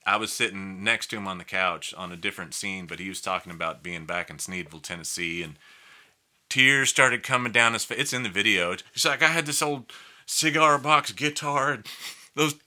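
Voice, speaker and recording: Bright-voiced man telling stories. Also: sits low, a little fast. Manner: animated storyteller who acts out quotes. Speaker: musician guest. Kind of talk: casual interview talk.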